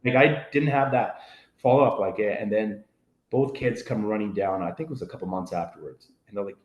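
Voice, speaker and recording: Brisk and lowish, with a slightly mellow tone, a middle-aged podcast guest rambles through a casual story full of fillers. He voices his family members' lines as he goes, and the recording has a roomy echo.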